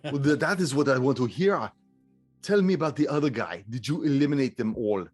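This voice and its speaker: A man voicing a haughty older noblewoman, a baroness with a husky smoker's voice, in a tabletop game. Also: medium pitch, fairly even intonation, normal speed, darkish tone, soft background music, lightly acted. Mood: imperious.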